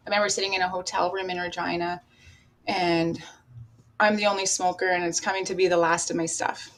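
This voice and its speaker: A woman's voice: lowish voice, little pitch movement, fairly quick, fairly bright tone. Woman, podcast guest; candid, profane storyteller who acts out past dialogue and laughs at herself. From Canada. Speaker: podcast guest telling her life story.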